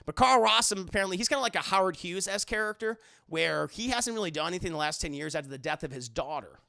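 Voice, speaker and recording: A male streamer recapping a cartoon scene by scene for his chat, excitable and crude. His voice sits high and bright with a gravelly fry running through it. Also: quick pace.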